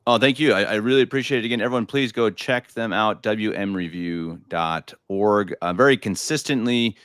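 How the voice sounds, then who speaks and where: American guy hosting a live podcast, kinda low, repeats himself a lot, dry mic. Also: moderate pace, a bit bright, smooth, dry recording. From United States. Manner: rambling, repeats words, lots of fillers. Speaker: podcast host. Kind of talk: casual live podcast chat.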